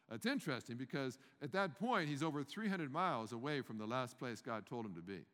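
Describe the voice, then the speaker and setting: A man's voice: mid-range voice, lively intonation, a little fast, hardly any pauses, fairly bright tone. A man preaches a sermon in an easy, conversational way, stopping to ask his listeners questions and circling back over his own words. His voice sits in the middle range. The sound carries the long reverb of a large hall. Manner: conversational, restarts, rhetorical questions to the congregation.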